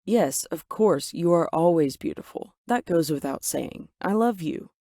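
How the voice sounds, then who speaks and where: A woman voicing a young man, an earnest and gentle fiancé, in an animated storybook narration. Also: lowish voice, measured pace, no echo, clean studio sound. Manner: defensive then gentle explaining.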